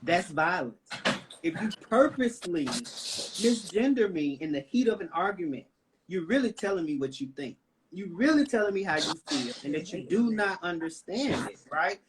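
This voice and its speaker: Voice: medium pitch, sing-song, moderate pace, noisy background. Emphatic Southern-accented panelist. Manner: emphatic, repeats "right?" and "you know?". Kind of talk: impassioned panel talk.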